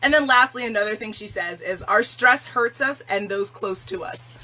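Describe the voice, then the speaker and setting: Bright, animated woman livestream host. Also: mid-range voice, moderate pace, faint music behind, low-quality recording. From Jamaican family. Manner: animated, emphatic, laughs often. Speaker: self-love challenge host. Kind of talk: casual livestream talk.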